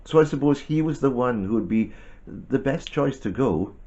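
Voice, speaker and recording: A man telling a Bible story to a child in a gentle, animated way with chatty asides. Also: medium pitch, moderate pace, lo-fi sound.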